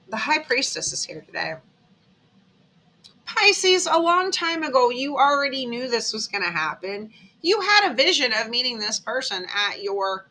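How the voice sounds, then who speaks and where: A woman's voice: mid-range voice, bright, forceful tone. A woman giving a casual tarot reading, telling it as a dramatic story and checking in with "okay?" along the way. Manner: chatty, dramatic storytelling, tag questions like "okay?". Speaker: tarot reader.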